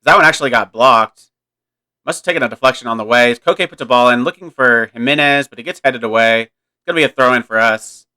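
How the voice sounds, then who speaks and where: A man's voice: mid-range voice, a little fast, sharp tone. A man giving casual, thinking-aloud commentary while playing a football management game, often correcting himself mid-sentence. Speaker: gaming YouTuber.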